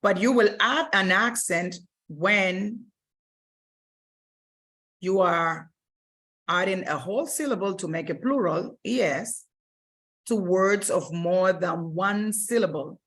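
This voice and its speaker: A woman's voice: mid-range voice, slow, long pauses, a bit bright. A woman teaching Spanish grammar in a recorded lesson, explaining patiently step by step and often stopping to rephrase.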